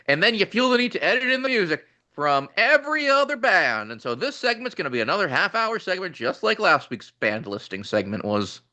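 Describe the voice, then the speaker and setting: A man's voice: high voice, very animated, brisk, few pauses, sharp tone. A man with a New England accent co-hosting a podcast, teasing and cracking dry jokes. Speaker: podcast co-host. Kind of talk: casual chat.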